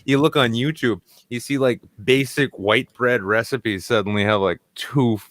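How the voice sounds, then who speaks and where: A man's voice: mid-range voice, moderate pace, a bit bright, no echo. A young man from New England vents on a podcast in a casual, profane rant full of sarcasm. His voice sits in a middle register, and the recording is close and dry, with no room sound. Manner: ranting, sarcastic, swears a lot. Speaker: podcast host.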